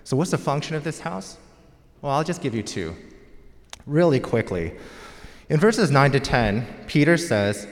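A man's voice: medium pitch, lively intonation, a little slow. An American man preaching a sermon as pastor, in a conversational storytelling manner. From United States. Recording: long hall reverb.

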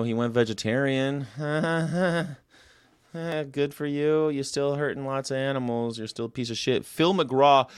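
Brief: man, mid-pitched, casual rambling host, crude and sarcastic, dry close sound. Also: clear, resonant tone, no room sound. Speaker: vlog host. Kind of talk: casual daily monologue.

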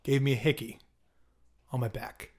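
Young male podcast co-host, casual storyteller, animated. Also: mid-range voice, normal speed. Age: young adult. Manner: animated storyteller, acts out quotes, frequent ums and throat clearing.

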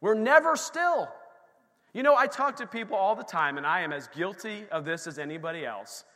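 High-voiced man preaching in an echoing church. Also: expressive, normal speed, bright, forceful tone. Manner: emphatic preaching, repeating phrases with rising intensity. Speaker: pastor. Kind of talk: sermon. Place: church sanctuary. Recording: long hall reverb.

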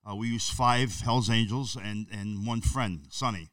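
A man's voice: fairly low pitch, measured pace, a bit bright, no echo, distant mic. A man, telling stories bluntly and emphatically as a guest in a casual chat.

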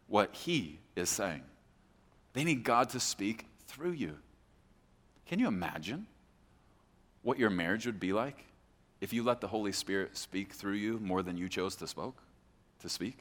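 A man's voice: lowish voice, very animated, unhurried, long pauses. Emphatic male pastor in echoey hall. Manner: emphatic, swings between hushed and loud. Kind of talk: sermon. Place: church auditorium stage. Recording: echoey hall with long reverb.

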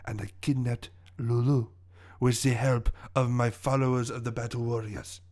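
A scheming French villain played by a man gloats through grandiose monologues in a put-on French accent. The voice sits in an ordinary middle pitch, and the scene is tabletop role-play. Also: flat delivery, moderate pace, darkish tone, lightly acted. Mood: gloating.

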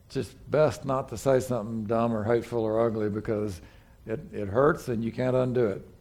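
A man's voice: mid-range voice, steady tone, normal speed, a little mellow. A man, preaching a sermon as pastor in a folksy, conversational way with frequent restarts.

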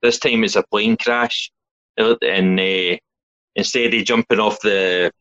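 A man's voice: on the low side, fairly even intonation, takes it slowly, a bit bright, no echo, lo-fi sound. A Scottish man co-hosting a casual film podcast, easygoing and laughing often as he recaps films plainly. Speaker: podcast co-host.

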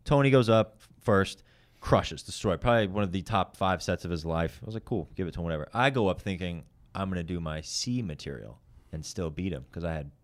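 Male comic, low voice, rapid-fire profane storytelling. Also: animated. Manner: fast, profane, heated retelling. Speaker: stand-up comedian. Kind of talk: casual storytelling.

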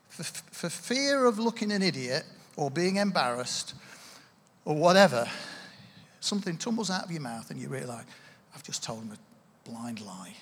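A man's voice: high-pitched, husky. A man preaching a sermon, chatty and self-deprecating, with asides to the congregation. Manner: conversational, self-deprecating, lively with asides and laughs. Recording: echoey hall, distant reverb.

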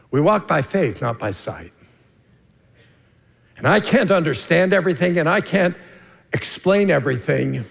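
A man preaching a sermon as lead pastor, earnest and emphatic, dropping to a hushed tone for key points. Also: fairly high pitch, very animated, moderate pace, creaky, long pauses. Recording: long reverb of a large hall.

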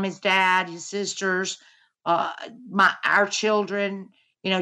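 A middle-aged woman speaks as a podcast guest, recounting a painful family story. Her voice is bright and clear. She talks haltingly and earnestly, with frequent filler words. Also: mid-range voice. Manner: halting, many "you know" fillers, earnest. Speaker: interview guest, mother. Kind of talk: personal account in podcast interview.

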